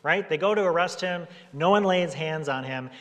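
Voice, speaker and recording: Speaking at a normal speed in a voice on the high side, a male pastor preaches casually, as if chatting. Now and then he slips into short character voices for the figures in his story, and the sound carries a long hall reverb.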